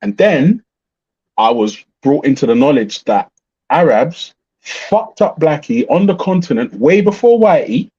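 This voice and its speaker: Middle-aged man, blunt animated rant. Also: a little high, measured pace, slightly rough. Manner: blunt, swearing, animated storytelling. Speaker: livestream host. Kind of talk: casual ranting chat. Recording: muffled lo-fi livestream audio.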